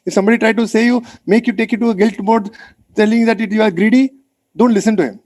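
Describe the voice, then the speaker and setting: Fast-talking high-voiced Indian English man. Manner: energetic, coaxing, repeats phrases for emphasis. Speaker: mentor leading an online session. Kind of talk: motivational webinar talk. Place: video call.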